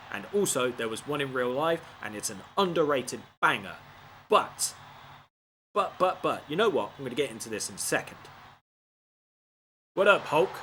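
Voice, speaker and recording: A man giving animated, expletive-laden commentary on a video game playthrough. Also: mid-range voice, slight background noise. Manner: animated, swears often, frustrated outbursts.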